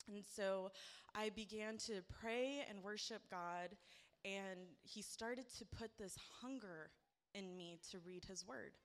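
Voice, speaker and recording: A woman's voice: medium pitch, slow pace. A woman giving a heartfelt personal testimony at church, speaking earnestly and building to emphatic praise.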